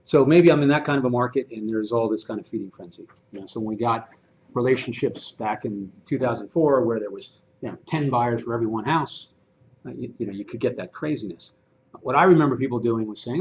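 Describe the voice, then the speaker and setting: A man presenting a training session in a casual, animated way, mid-pitched and lively. The recording is a little muffled, with faint room hiss behind him. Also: brisk. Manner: animated, conversational, acts out dialogue. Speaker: real estate agent and trainer.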